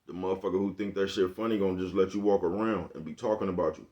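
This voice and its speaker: On a lo-fi recording, a vlogger with a low, slightly mellow voice rambles through a casual monologue. He's laid-back, full of profane slang, and keeps checking in with his listener.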